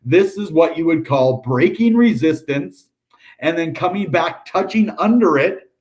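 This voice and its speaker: An American man hosts a crypto channel, running through price charts on a casual livestream. His voice is fairly high and darkish in tone, with lively intonation and a measured pace, and he comes across chatty and upbeat, full of ums, "dude," and cheerful asides.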